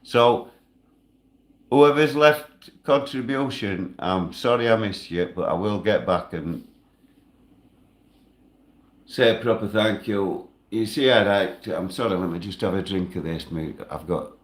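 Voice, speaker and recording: A man's voice: fairly low pitch, measured pace. Ranting man in an echoey room. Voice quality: broad northern dialect, swearing. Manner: ranting, rising to loud outbursts. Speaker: livestreamer. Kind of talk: angry livestream rant.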